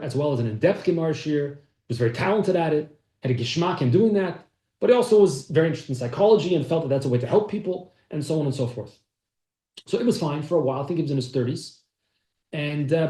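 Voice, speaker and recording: A man's voice: a little high, dark tone. Man teaching a class in an echoey room. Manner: storytelling, acts out quoted speech. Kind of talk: telling a story in a class.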